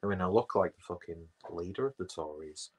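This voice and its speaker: A man's voice: low-pitched, brisk, slightly rough. A man chatting casually and rambling on a livestream, swearing and mocking himself as he goes. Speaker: livestream host. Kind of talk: casual chat, reading viewer comments.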